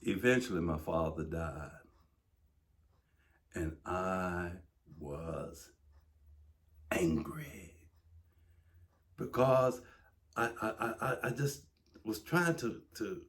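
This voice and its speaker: A bishop and radio host giving a late-night devotional message, preaching slowly, his voice rising from low murmurs to high, intense cries.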